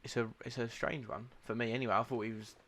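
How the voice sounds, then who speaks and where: A young man talking football on a podcast in a loose, rambling way. His voice is bright and forward, with an average pitch. He often restarts his sentences and trails off mid-thought. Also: level tone, fast. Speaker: podcast co-host. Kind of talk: casual football chat.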